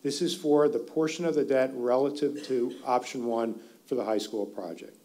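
A man presenting school district finance figures at a public community forum, in a steady explanatory way that stresses key words. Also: mid-range voice, moderate pace. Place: school meeting hall.

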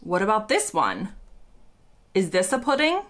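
An American woman, a vlogger, chatting casually and playfully as she reads quiz questions aloud and thinks out loud. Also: mid-range voice, huge pitch swings, unhurried. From United States.

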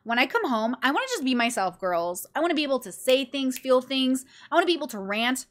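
A woman's voice: high-pitched, sing-song, fast talker. A tired woman hosting her own podcast, talking casually and animatedly, acting out friends and swearing freely. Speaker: podcast host.

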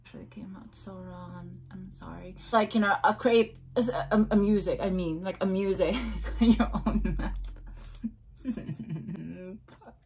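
A woman's voice: medium pitch, steady tone, unhurried, darkish tone, slight background noise. A woman vlogging casually and talking to herself, hesitant, repeating beatbox syllables over and over.

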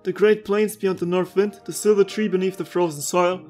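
A woman's voice: fairly low pitch, moderate pace, soft background music, lightly acted. A woman reading out the lines of a solemn servant devoted to a god-ruler, in her own voice. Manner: reads the lines aloud at an even, formal pace.

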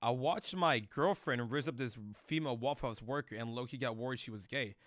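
Bright-voiced young man streaming. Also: mid-range voice, a little fast, dry recording, studio quality. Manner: loose, profane, rambling slang talk. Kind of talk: casual live-stream chat.

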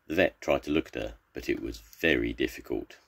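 An older man reading a children's storybook aloud in a slow, expressive way. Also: gravelly, husky. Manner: slow and expressive, with lots of pitch swings.

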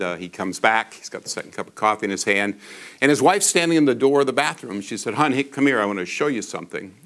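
A man's voice: fairly low pitch, a bit bright, clear, resonant tone. A man in his sixties giving a public lecture in a college hall, telling stories in a conversational way with fillers. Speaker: guest speaker.

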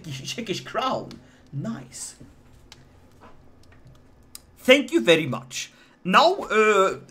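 A man with a Swedish accent commentating his live game stream, joking and animated as he talks to chat. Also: high-pitched, slight background noise.

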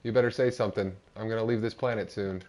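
A man's voice: on the low side, steady tone, fast talker, darkish tone. A man streaming a space exploration game, chatting casually with a friend and his viewers. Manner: chatty, upbeat, talks to chat while playing. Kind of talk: casual live-stream chat.

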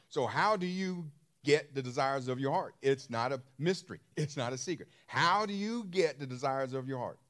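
A pastor with a medium-pitched, fairly bright voice preaches at normal speed with lively intonation. His emphatic sermon repeats phrases and throws questions out to listeners, along with other features.

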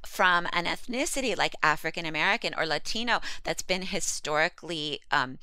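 Animated woman explaining emphatically. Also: lowish voice, a little fast, clear, resonant tone, no echo. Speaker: linguistics professor guest. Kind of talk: podcast interview.

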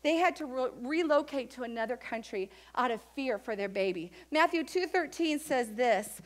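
Woman, pastor, sermon, high voice, animated, acts out voices, church. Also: normal speed. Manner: animated, acts out quoted voices of Mary and others.

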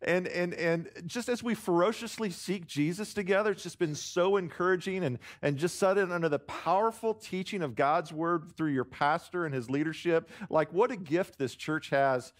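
A man's voice: sits high, moderate pace, few pauses. A man speaking as a guest pastor in a church, joking with the congregation and drawing answers from them, often restarting his sentences. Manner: jokey, warm-hearted, self-deprecating, lots of restarts. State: choked up near tears. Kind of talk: sermon with congregation call-and-response. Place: church sanctuary.

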